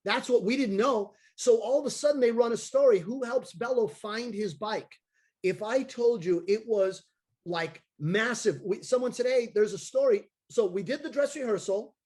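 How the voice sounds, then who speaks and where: A man, a circus clown and daredevil, telling an animated story on a video call and acting out the voices of the people in it. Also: high voice, moderate pace. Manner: excitable, acts out voices of people in his stories.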